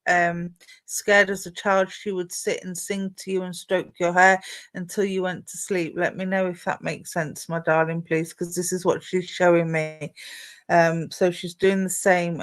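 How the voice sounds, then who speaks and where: A woman giving a live psychic card reading, her tone soft and reassuring as she speaks straight to the viewer. She keeps up a warm, comforting patter full of endearments while relaying messages to them. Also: on the low side, level tone, moderate pace. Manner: gentle, reassuring, calls listeners "my darling". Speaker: psychic medium.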